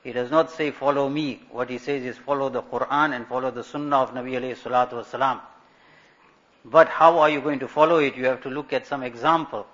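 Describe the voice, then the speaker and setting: An Islamic scholar delivers a religious sermon, telling stories, posing rhetorical questions and using Arabic religious terms. His mid-range voice is fairly bright, with fairly even intonation, and he talks fast. The recording is dull and lo-fi.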